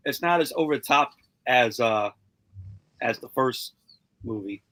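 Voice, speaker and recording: A chatty man with a bright, forward voice who tosses in quick opinions about scenes as they play. He speaks in a casual watch-along tone, and his pitch sits in an ordinary middle range. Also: lively intonation, rough recording. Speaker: co-host of a movie watch-along.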